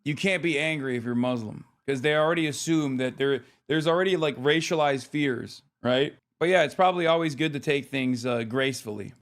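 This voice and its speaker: A man streaming live, reacting in quick, rambling, profane commentary full of fillers. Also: medium pitch.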